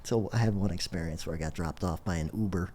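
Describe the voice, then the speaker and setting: A man's voice: sits low, quick pace. A middle-aged man, a podcast guest, telling a story in casual conversation and often laughing as he talks. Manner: animated, laughs through his story.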